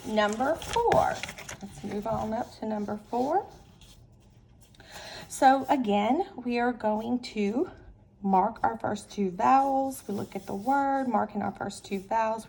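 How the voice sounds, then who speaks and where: A woman's voice: on the high side, a little slow, gravelly, dark tone, a little hiss or hum. A woman teaching a phonics lesson, walking through each step patiently and methodically, repeating the steps aloud.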